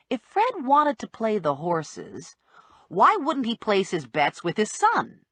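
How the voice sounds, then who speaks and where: A woman reading a first-person audiobook with wry, deadpan humor. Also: mid-range voice, slow pace, breathy edge, no echo. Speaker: audiobook narrator.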